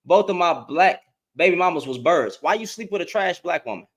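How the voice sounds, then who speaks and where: Male commentator with a high, bouncy delivery, ranting and laughing in a reaction video. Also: a little fast. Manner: animated, repetitive, profane, laughs often. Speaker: online commentator. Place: in Dallas, Texas.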